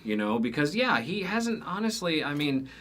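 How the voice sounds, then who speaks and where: A man's voice: on the high side, sing-song, moderate pace, a bit bright, slight background noise. Laid-back male wrestling co-host. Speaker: podcast co-host. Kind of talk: casual wrestling prediction chat.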